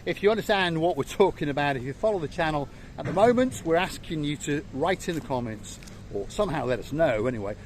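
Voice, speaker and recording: A man's voice: fairly high pitch, fast, slight background noise. An English man hosting a playful travel vlog outdoors by a seaside resort, rambling and joking like a tour guide. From England. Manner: jokey, rambling, lively tour-guide patter. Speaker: vlogger host.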